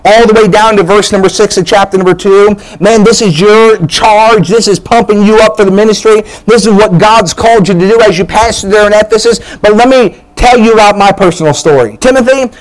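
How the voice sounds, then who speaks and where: A pastor delivering a sermon in a fairly high voice for a man. He preaches with emphasis, hammers points through repetition and often stumbles and restarts mid-phrase. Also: a little fast, few pauses, poor audio.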